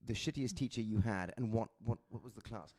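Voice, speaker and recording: A man's voice: lowish voice, a little fast, mellow. A man hosting a casual chat show, telling stories with indignant restarts. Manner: indignant, restarts phrases when worked up. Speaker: host.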